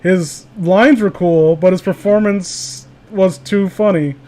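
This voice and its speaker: High-pitched young man, sarcastic, swearing, casual comedic reading. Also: steady tone, slow pace, a crowd in the background. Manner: sarcastic, swears, laughs, mock voices for quotes. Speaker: host reading fan fiction aloud.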